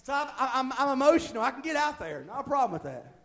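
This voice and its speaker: A man with a notably high voice preaches to his congregation in a folksy, plain-spoken way. His delivery rises from hushed, intimate lines to loud, fervent pushes. He drops humorous asides along the way. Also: very animated, fast, creaky. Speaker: pastor. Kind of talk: sermon. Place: church.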